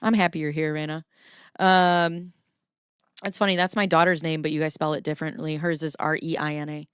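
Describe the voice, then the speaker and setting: A woman's voice: low voice, level tone, brisk, clear, resonant tone, no echo, studio quality. A middle-aged woman hosting a casual livestream. She talks playfully, laughs often, chats with her viewers and reads court filings aloud. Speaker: livestream host.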